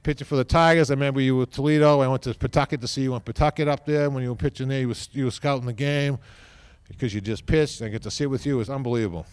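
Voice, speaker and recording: A man speaking at a podium microphone during an induction ceremony, rambling informally, repeating himself and tagging lines with a quick "okay?". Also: mid-range voice, fairly even intonation, clean tone, dry recording. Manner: repeats words and restarts often. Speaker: team executive giving induction speech.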